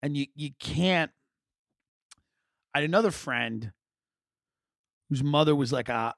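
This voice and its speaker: A man hosting a podcast, telling comic stories in a rambling, wry, animated way. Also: on the high side, a little slow, vocal fry, dry recording, studio quality. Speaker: podcast host. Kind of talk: comic storytelling monologue.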